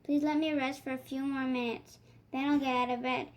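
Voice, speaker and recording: A woman's voice: high voice, level tone, fairly quick, lightly acted. Lazy grumbling groundhog, a woman reading. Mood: sleepy. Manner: drowsy, grumbling. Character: lazy sleepy grumpy male groundhog. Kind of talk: storybook read-aloud.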